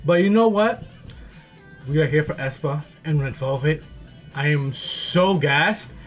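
A man hosting a music video reaction, excitable and swearing freely, talking to himself and squealing when thrilled. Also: high-pitched, slightly rough. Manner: talks to himself aloud. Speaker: reaction channel host. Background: faint music video playing.

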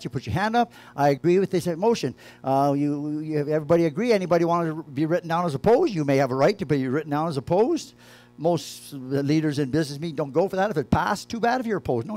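A man preaching a sermon as the church's pastor, talking loosely with frequent restarts and repeated phrases, shifting between quiet asides and emphatic points. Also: fairly high pitch.

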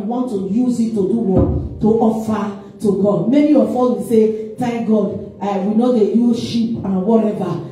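A woman's voice: sits high, dark tone. Echoey woman evangelist preaching from afar. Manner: call-and-response preaching, asks questions and answers them. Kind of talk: sermon. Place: church hall. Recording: echoey room, distant mic, faint music.

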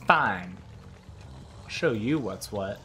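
Excitable trash-talking gamer man. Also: lowish voice, takes it slowly, soft background music. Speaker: gaming video creator. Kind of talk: live gameplay commentary.

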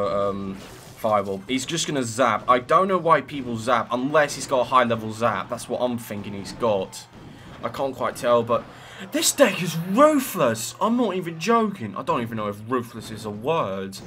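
A man's voice: mid-range voice, normal speed, pushed and bright, a little hiss or hum. A man giving chatty live commentary over his own gameplay, narrating each move with self-critical asides.

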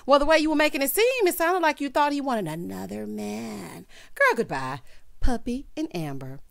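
A woman recaps reality TV in a sassy, animated way, her fairly high voice swinging up and down. The sound is dry and close, with no room around it. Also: moderate pace, gravelly, no room sound. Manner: sassy, animated, mimics the cast in quoted voices. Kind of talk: casual recap commentary.

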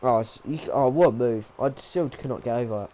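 A young man giving excitable play-by-play commentary on a wrestling video game, repeating his calls and tripping over his words. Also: mid-range voice, fast talker, low-quality recording.

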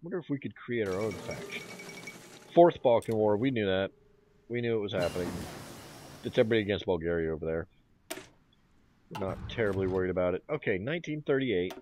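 A man's voice: fairly low pitch, lively intonation, brisk, long pauses, darkish tone, a little hiss or hum. A man hosting a gaming channel, thinking aloud in casual commentary as he plays a strategy game. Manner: thinking aloud, mumbling and musing. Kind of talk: let's play commentary.

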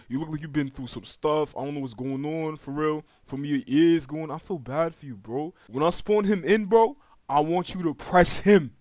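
A young man giving casual gaming commentary, slangy and excitable, chatting to the game's creatures and yelping when startled. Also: fairly high pitch. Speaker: gaming YouTuber.

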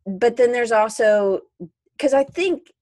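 A woman's voice: fairly high pitch, slow pace, a little mellow, dry recording. A woman hosting a podcast interview, chatting casually and reading out listener questions. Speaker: podcast host.

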